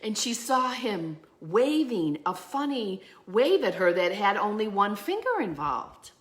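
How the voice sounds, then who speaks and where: A woman's voice: mid-range voice, very animated, unhurried. A woman minister giving a sermon, telling a story with animation and acting out the voices in it. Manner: drops to a soft hush at the close.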